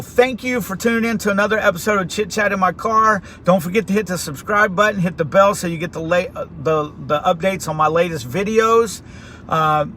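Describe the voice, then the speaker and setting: A middle-aged man hosting a vlog from his car, telling a story in a casual, animated way. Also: high voice, a little hiss or hum. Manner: animated, acts out quoted voices. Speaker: vlog host. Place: inside a car.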